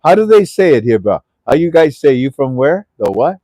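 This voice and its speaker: A man hosting a casual livestream who prays, jokes with friends and addresses listeners as ladies and gentlemen. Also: mid-range voice, big pitch swings, normal speed, no room sound. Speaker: host of a currency livestream. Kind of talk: casual livestream talk with prayer. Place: on the west side of Oahu with friends.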